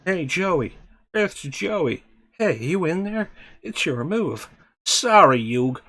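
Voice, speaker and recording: A man's voice: fairly high pitch, sing-song, slow, a bit bright, pitched above the performer's own voice, full character voice. A man doing a chatty Brooklyn card player who keeps nudging his opponent. His voice sits raised above a normal register, with a pushy bantering manner.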